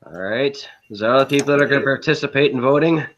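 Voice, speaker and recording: A man's voice: mid-range voice, fast, a bit bright. A man hosting a casual group chat, running a vote with joking, playful asides. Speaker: host. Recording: dull lo-fi audio.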